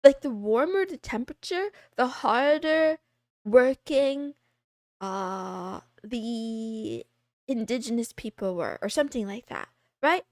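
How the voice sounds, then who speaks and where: A woman's voice: a little high, animated, slow pace, darkish tone, dry recording, clean studio sound. Giggly, rambling young woman streamer. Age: 20s. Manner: rambling, giggly, self-deprecating. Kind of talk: casual livestream chat.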